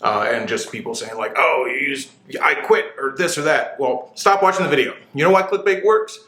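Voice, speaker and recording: A man rants to the camera with big opinions, swearing and tripping over his restarts while he gets sweaty. His voice sits slightly high and sounds bright and sharp. With no microphone, the room around him echoes. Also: a little fast. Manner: animated, opinionated, profane, stumbling restarts. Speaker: motorcycle channel host. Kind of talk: casual rant to camera. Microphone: camera mic, no dedicated microphone.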